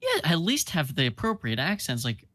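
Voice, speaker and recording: A man's voice: fairly high pitch, wildly swooping pitch, normal speed, pushed and bright. A man co-hosting a casual film review podcast, talking loosely with lots of filler and freely griping. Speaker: podcast co-host film critic.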